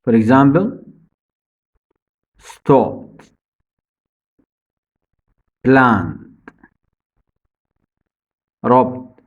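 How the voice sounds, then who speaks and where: A man teaching English spelling rules, speaking slowly and deliberately, repeating each rule for his students. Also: lively intonation, muffled recording. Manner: stresses key words, drops low at phrase ends. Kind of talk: slow spelling-rule lesson.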